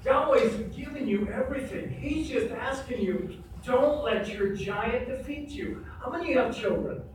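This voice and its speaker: Captured from far off in an echoey church sanctuary with faint noise, a male pastor delivers an emphatic, repetitive sermon and puts questions to the congregation. He speaks at normal speed in a very high-pitched voice.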